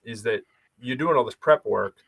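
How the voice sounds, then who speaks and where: A man co-hosting a podcast, talking in an animated, emphatic way and repeating phrases for effect. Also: medium pitch, moderate pace, creaky, no room sound. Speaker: podcast co-host. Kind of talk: casual chat.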